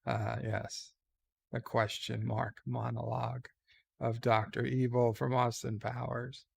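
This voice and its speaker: Slow, gravelly-voiced man hosting a stream. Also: mid-range voice, level tone. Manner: slow, halting, with many pauses and fillers; wry and irreverent. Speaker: live stream host reading chat. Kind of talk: casual live-stream chat. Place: lying in a bed.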